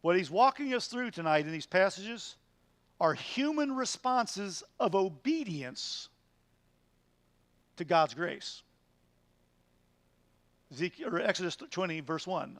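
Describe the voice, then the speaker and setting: High-voiced earnest pastor teaching. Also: male voice, animated, a little slow, long pauses, a bit bright, dry recording. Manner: earnest, emphatic, rhetorical questions. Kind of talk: midweek Bible study teaching.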